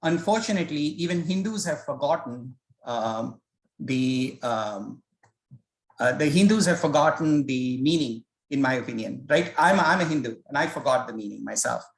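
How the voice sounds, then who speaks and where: With an animated delivery, moderate pace and some vocal fry, a man with a mid-range voice guides a scripture study he recorded himself. His explanations come out hesitant and chatty, sprinkled with stories, much like an informal lecture. The recording is echoey and poor.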